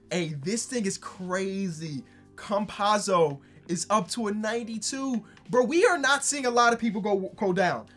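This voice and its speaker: Excitable male gaming YouTuber, somewhat high-pitched, casual hyped commentary with soft music underneath. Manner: excitable, swings from hyped to dry asides.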